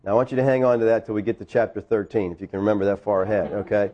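A man's voice: lowish voice, fairly even intonation, rapid-fire, lo-fi sound, a little hiss or hum. A man preaching a sermon as pastor, conversational, with teasing asides to his congregation in a church.

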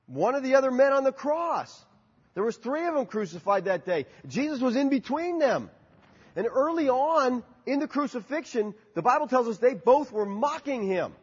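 A man's voice: normal speed, slightly rough. A man preaching a sermon as pastor, rising and falling sharply and putting questions to the congregation. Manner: animated preaching with sharp rises and drops in pitch. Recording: muffled hall recording with long reverb.

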